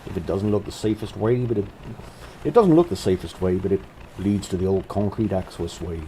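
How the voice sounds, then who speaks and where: A man's voice: low voice, fairly quick, mellow, slight background noise, low-quality recording. A man voicing a friendly male assistant lighthouse keeper in a game, with a made-up American twang that sounds a bit like Kermit. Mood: welcoming.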